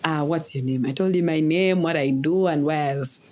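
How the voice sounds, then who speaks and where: A woman's voice: sits low, moderate pace, a little hiss or hum. A young woman from Uganda, casually telling a story in a vlog and acting out the voices in quotes. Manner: animated, laughing, acts out voices in quotes. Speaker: vlogger.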